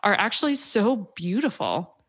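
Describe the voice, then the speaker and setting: A woman co-hosting a casual Bible study discussion, talking in an earnest, reflective way and slowing down to stress her points. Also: medium pitch, very animated, fairly bright tone, breathy edge. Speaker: podcast co-host.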